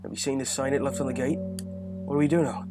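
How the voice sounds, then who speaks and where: Man playing a coarse, blunt guard captain for a fantasy game, loud and gruff, music under. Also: mid-range voice, fairly even intonation, brisk, lightly acted. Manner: blunt, crude, barking.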